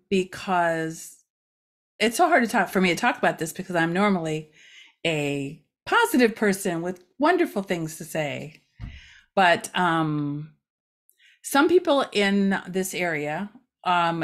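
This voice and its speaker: A middle-aged woman hosting a casual community update for a local news site, chatty and rambling with many fillers. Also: mid-range voice.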